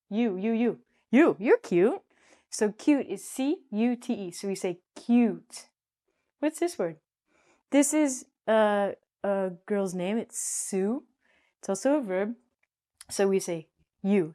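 A woman's voice: medium pitch, dark tone. A woman teaching English in a playful, chatty way, joking to herself as she explains. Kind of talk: casual spoken lesson.

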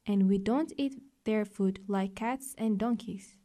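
A woman's voice: medium pitch, slow, warm tone, close to an everyday voice. A proud sheep, read by a woman. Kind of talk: storybook read-aloud.

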